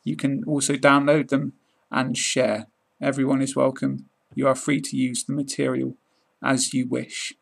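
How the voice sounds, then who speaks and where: A British-accented man presents a pronunciation lesson, taking his time over every word and saying each one twice with careful, deliberate enunciation. His voice carries a gravelly edge and sits at an ordinary middle pitch. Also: little pitch movement. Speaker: English pronunciation teacher. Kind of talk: slow podcast pronunciation lesson.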